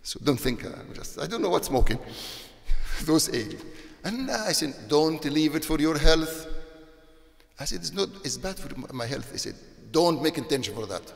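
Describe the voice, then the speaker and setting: A sheikh gives a religious sermon in a hall with long reverb, speaking non-native English sprinkled with frequent Arabic religious phrases and growing animated when scolding. His male voice is a little high and gravelly, at a moderate pace.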